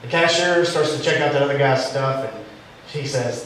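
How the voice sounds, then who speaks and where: Delivering a sermon in the sanctuary, this pastor tells a story that ends with a joking twist, speaking at a moderate pace in a mid-range voice. Faint room noise comes through a distant, echoey recording.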